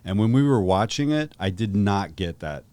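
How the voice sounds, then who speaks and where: A man's voice: lowish voice, animated, normal speed, a little mellow, clear, resonant tone. A man co-hosting a podcast, talking through a film review in a musing, conversational way that often breaks off and restarts. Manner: conversational, musing, self-interrupting. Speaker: podcast co-host. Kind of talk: casual film review chat.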